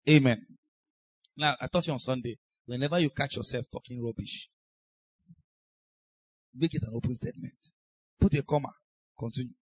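A man's voice: mid-range voice, normal speed, pauses often, slightly rough, dry recording, dull audio. A man with a Nigerian accent preaching a sermon as pastor, emphatic and acting out the voices of people he quotes. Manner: emphatic, acts out quoted speakers.

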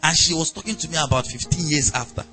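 Nigerian male pastor, slightly high voice, animated sermon delivery, soft music underneath. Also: fast talker. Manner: animated preaching, acts out angry voices, laughs.

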